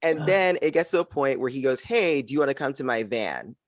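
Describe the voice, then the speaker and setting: A man's voice: medium pitch, expressive, fairly quick, dry recording. A man in his forties performing a stand-up set, telling a story with big swings into put-on voices. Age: 40s. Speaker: stand-up comedian.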